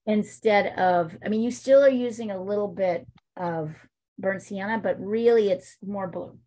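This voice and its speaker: A woman's voice: medium pitch, measured pace, dark tone. A woman art teacher giving online painting instruction over a video call, encouraging and repeating her points as she coaches.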